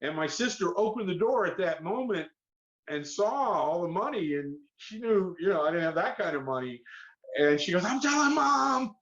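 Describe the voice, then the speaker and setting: A middle-aged man with a Southern accent, spinning an animated story and slipping into the voices of the people in it. His voice sits a little high for a man. The sound is a bit muffled, like a lo-fi podcast track. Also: moderate pace. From Miami, Florida. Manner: animated storyteller who acts out quoted voices. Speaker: guest. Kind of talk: storytelling interview. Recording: slightly muffled podcast audio.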